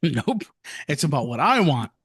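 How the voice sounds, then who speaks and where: A man's voice: fairly high pitch, very animated, moderate pace, a bit bright, slightly rough. A man co-hosting a podcast in casual chat, playful and cheeky, often laughing as he talks. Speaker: podcast co-host.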